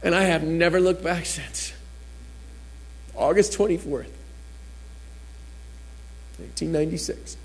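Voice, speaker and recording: A man with a high voice tells his own testimony to a church gathering. He tells it as a vivid story, changing his voice to act out what others said. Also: unhurried, long pauses, husky. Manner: storytelling, acts out quotes with shifting voice. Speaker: guest speaker giving testimony.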